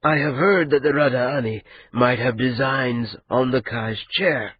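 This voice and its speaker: A man voicing a careful, polite court envoy who speaks in a measured, probing way. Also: medium pitch, muffled recording, close to an everyday voice.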